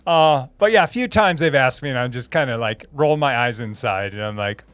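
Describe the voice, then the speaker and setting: A man's voice: medium pitch, expressive, a little fast, a bit bright, clean tone, no echo. A man hosting a live stream, answering chat in a rambling, laughing way with many restarts and fillers. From Minnesota.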